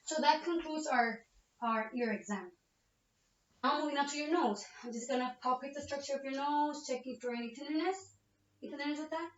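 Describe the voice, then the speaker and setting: A woman's voice: high-pitched, brisk. A woman, a nursing student, talks a patient through a physical exam, explaining each step and checking in with "okay?" again and again. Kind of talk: narrated physical exam demonstration. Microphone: laptop webcam. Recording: roomy, distant, muffled webcam audio.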